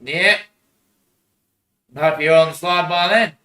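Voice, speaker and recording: A man's voice: fairly high pitch, takes it slowly, bright, forceful tone. An Australian man in a rambling casual monologue, swearing a lot and laughing between phrases. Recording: echoey room, voice far from mic.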